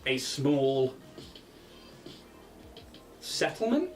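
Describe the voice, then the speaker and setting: A man's voice: mid-range voice, sing-song, extremely slow, soft background music. A man narrating a tabletop game as game master, rambling and often laughing.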